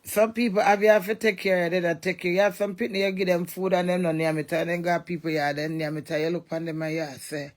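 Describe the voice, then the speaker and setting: A woman's voice: fairly low pitch, level tone, quick pace, hardly any pauses. A woman with a Jamaican accent in a brash, fiery, swearing rant. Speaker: social media personality. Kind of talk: ranting monologue.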